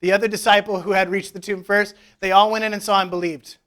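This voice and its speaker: A man's voice: sits high, little pitch movement, fast talker, a bit bright. A man preaching a conversational sermon in church, retelling scripture with casual, joking asides. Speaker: pastor. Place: church service.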